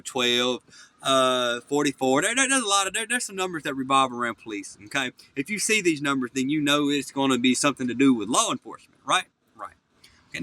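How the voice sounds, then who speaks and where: A man's voice: on the high side, sharp tone. Angry man ranting to his phone camera. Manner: agitated, profane, repeats "okay?" constantly. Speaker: self-recording vlogger. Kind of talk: angry rambling monologue to camera. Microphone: phone front camera.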